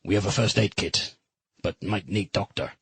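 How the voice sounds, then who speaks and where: A man voicing a brisk, caring Spanish kayak hire worker who speaks broken English with a Spanish accent. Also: low-pitched, gravelly, a bit bright, slightly rough, no room sound, full character voice. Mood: instructing. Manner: matter-of-fact, instructing.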